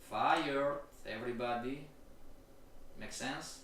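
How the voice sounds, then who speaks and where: A man gives a live-stream trading lecture, repeating points slowly and checking in with his listeners. His slightly high voice sounds distant in a very echoey room. Faint noise sits behind him. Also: a bit bright. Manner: keeps checking in with the audience; slow, repetitive delivery. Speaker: trading instructor.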